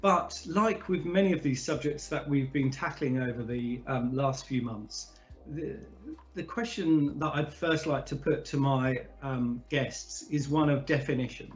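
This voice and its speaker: A man hosting a discussion in a relaxed, chatty way, often pausing and restarting his sentences. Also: on the high side, dull audio. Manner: hesitant, many fillers and restarts. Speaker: podcast host. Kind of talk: casual conversational hosting.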